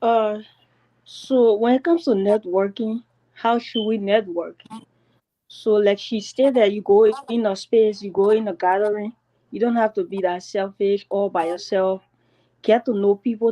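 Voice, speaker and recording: A woman's voice: medium pitch, dark tone, dull audio. A woman speaking as a panelist, giving plain, practical advice and repeating her points. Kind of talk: panel discussion.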